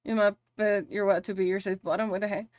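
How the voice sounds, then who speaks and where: A woman's voice: mid-range voice, steady tone, quick pace, darkish tone, dry recording, clean studio sound. A woman with a Spanish accent chatting casually on a live stream while she works, giggly and swearing playfully. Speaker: VTuber streamer and model rigger.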